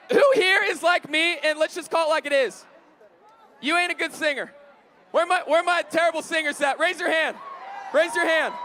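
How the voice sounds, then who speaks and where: A man runs a camp game from the stage, calling out loudly and energetically to the crowd. His voice sits very high and bright from the shouting, with a faint crowd and music behind him. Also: a little hiss or hum. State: straining voice. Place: large camp event hall.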